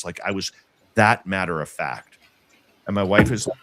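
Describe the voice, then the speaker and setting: A man earnestly telling a personal story in casual conversation, halting and restarting as he goes. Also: deep voice, a bit bright, a little hiss or hum.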